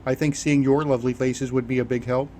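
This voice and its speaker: A man's voice: medium pitch, level tone, a little fast, mellow, slight background noise, natural voice. Man playing a terse, commanding squad leader. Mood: steady. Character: stoic male leader in armor.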